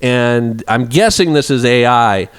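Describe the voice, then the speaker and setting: A young man talks casually into his vlog at an ordinary middle pitch. He is animated and self-mocking, swinging between excited bursts and a mock-gloomy mutter. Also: unhurried, clean tone. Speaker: indie game developer. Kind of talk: casual vlog reading out reviews.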